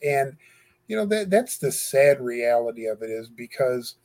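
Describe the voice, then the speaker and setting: A man's voice: mid-range voice, sing-song, measured pace, a little mellow. Man, interview guest, hesitant, frequent fillers, earnest. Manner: hesitant, many ums and restarts, earnest. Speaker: guest who corresponds with death row inmates. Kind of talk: casual interview talk.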